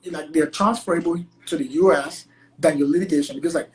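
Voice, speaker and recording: A chatty man from Nigeria talks through his work as a guest attorney, peppering nearly every phrase with "like." His tone is loose and conversational, and he slips into lively voices when acting out exchanges. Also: on the high side, fairly quick, low-quality recording. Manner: chatty, heavy use of "like" as filler. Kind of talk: casual conversational interview.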